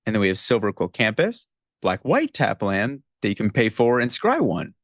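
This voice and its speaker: A man's voice: lowish voice, huge pitch swings, moderate pace, no echo, clean studio sound. A young man hosting a podcast, chatting casually and laughing a lot, reading items aloud. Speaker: podcast host. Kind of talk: casual chat, reading out card text.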